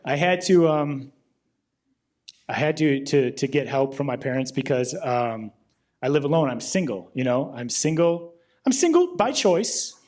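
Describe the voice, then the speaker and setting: A man in his thirties doing a deadpan stand-up set on a club stage into a handheld mic. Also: medium pitch, unhurried. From Illinois. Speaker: stand-up comedian.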